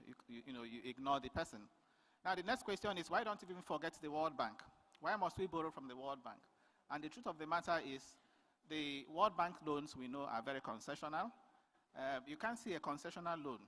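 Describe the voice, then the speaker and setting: A man from Nigeria presenting a conference paper, speaking in a measured way with many fillers and restarts. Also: mid-range voice, fairly bright tone. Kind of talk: formal conference talk. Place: large conference hall. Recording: long hall reverb.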